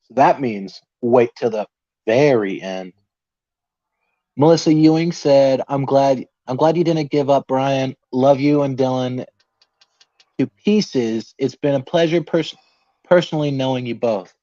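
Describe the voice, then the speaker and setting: A man's voice: medium pitch, unhurried, warm tone, no echo. A man hosting a casual podcast, reading out viewer comments in an upbeat way. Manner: upbeat, laughs often. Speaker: podcast host. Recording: dull lo-fi dry sound.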